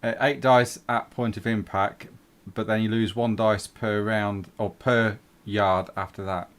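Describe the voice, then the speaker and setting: A man's voice: on the low side, steady tone, a little slow. A man running a tabletop role-playing game as game master, patiently explaining the rules in a matter-of-fact way.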